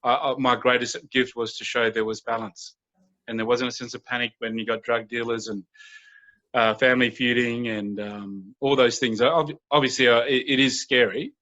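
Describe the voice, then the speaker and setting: A man, a youth mentor and guest speaker, telling stories in a calm, steady, unhurried way. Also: mid-range voice. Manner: steady and unhurried, often acting out quoted dialogue. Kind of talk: calm conversational storytelling. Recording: dull lo-fi audio.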